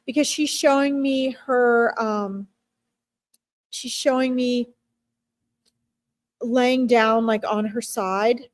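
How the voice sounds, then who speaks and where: A woman giving an animal communication reading on a live stream, speaking gently and emotionally, halting often with fillers and restarts. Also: on the high side, fairly even intonation, no echo.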